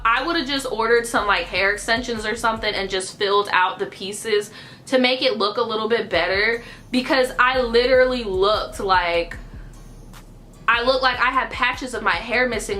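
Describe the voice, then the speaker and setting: A woman's voice: on the high side, sharp tone. A young woman telling a casual storytime vlog, chatty and loose, full of "like" and swearing. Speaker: vlogger.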